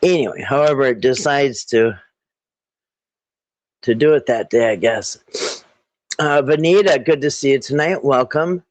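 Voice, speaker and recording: A man hosting a casual live stream, rambling with halting restarts and frequent throat clearing. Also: mid-range voice, no echo, rough recording. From Minnesota.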